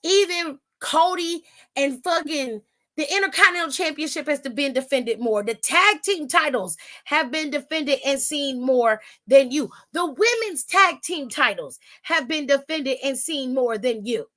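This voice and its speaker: A high-pitched young woman talks straight at her listeners as a podcast host. She is blunt and profane, and she acts out the lines of the people she talks about. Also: expressive, a little slow, sharp tone. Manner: blunt, profane, with acted-out quotes. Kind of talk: casual wrestling recap.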